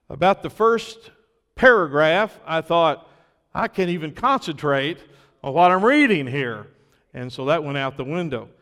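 A man's voice: a little high, fairly bright tone, big-room sound. A man preaching a sermon in an earnest way, building to emphatic peaks, recovering from illness. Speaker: pastor.

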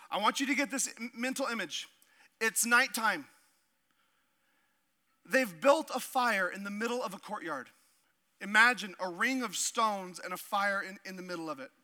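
Preaching in a notably high, bright and forceful voice, this pastor alternates between reading scripture aloud and slipping into lively, funny side comments.

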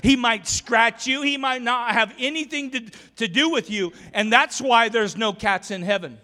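Man, pastor, sermon, folksy joking stories, higher voice, long church reverb. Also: normal speed, sharp tone. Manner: folksy storytelling, joking with the congregation. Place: church sanctuary.

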